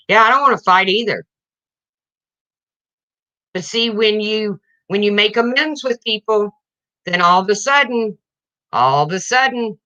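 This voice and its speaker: A woman's voice: mid-range voice, sharp tone, highs cut off. A woman livestreaming to her viewers, ranting in an indignant, confrontational way and addressing them directly.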